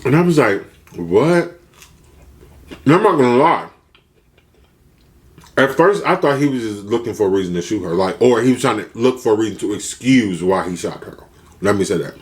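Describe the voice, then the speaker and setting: A man's voice: lowish voice, fairly quick. A man retelling a story casually for a food vlog, acting out the people he quotes. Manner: animated, acts out quotes with shifting voices. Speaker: mukbang vlogger.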